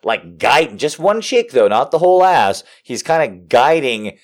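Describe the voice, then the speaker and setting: Animated, profane male comic storyteller. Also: mid-range voice, normal speed. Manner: animated, profane, self-mocking. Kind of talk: comedic storytelling.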